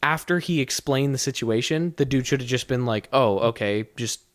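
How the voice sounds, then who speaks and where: A man's voice: medium pitch, a little fast, no echo, clean studio sound. A young man co-hosting a podcast, telling a work story in casual chat with lots of swearing and rambling restarts. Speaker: podcast co-host.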